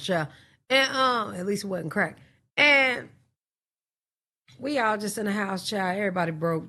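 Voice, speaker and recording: A woman's voice: fairly low pitch, sharp tone. A woman host of a reaction stream, telling a personal story in a casual, slangy way with laughing asides.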